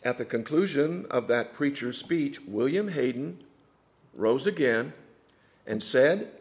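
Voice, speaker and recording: A man preaching a sermon, telling a story with dramatic swings from hushed asides to loud emphatic points. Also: medium pitch, animated, slow pace.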